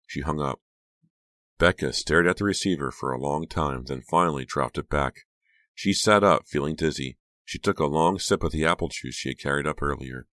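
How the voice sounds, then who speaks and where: A man narrating an audiobook chapter in an expressive storytelling manner. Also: extremely low pitch, moderate pace, no echo, studio quality.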